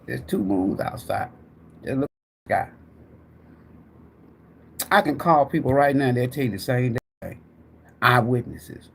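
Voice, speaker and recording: A middle-aged man holds forth on a tarot livestream like a former preacher, his pitch swinging widely as he drives his points home. He swears freely and keeps talking straight to his viewers, with a faint hiss of noise behind him. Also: measured pace, vocal fry, long pauses. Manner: animated, profane, preacher-like, addresses viewers directly. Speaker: tarot reader and livestream host. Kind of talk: rambling preachy livestream talk.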